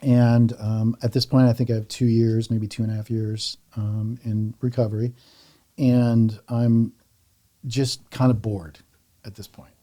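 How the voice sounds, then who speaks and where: A middle-aged man, a podcast guest, telling stories in a relaxed chat, animated and casually profane. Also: medium pitch, unhurried. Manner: animated storyteller, swears casually. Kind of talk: casual storytelling conversation.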